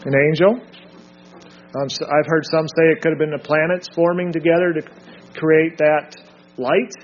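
A man's voice: fairly high pitch, level tone, moderate pace. A man leading a group Bible study, reading scripture aloud and drilling his listeners with short emphatic remarks. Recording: dull lo-fi recording.

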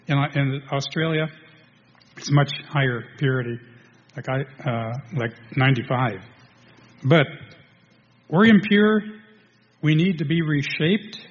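A man preaching a sermon to a congregation, halting, restarting, and filling pauses as he goes. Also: fairly high pitch. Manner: halting, with many restarts and fillers. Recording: dull lo-fi sound in a reverberant hall.

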